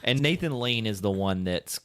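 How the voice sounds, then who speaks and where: A man's voice: on the low side, expressive, moderate pace, a bit bright, dry recording, clean studio sound. A man co-hosting a podcast, casually retelling a film's scenes and laughing often. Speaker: podcast co-host. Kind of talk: casual chat.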